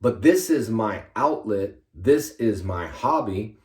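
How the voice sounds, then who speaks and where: A man, a karate instructor, giving energetic motivational fitness advice to his fans in short, punchy commands. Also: on the low side, slow pace, roomy sound.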